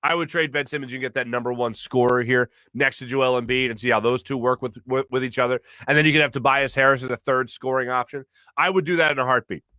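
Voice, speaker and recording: A man hosting a sports talk show, hoarse from losing his voice, giving an emphatic opinion monologue and clearing his throat now and then. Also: mid-range voice, steady tone, quick pace, pushed and bright, no echo. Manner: emphatic, repeats phrases for stress, clears throat often.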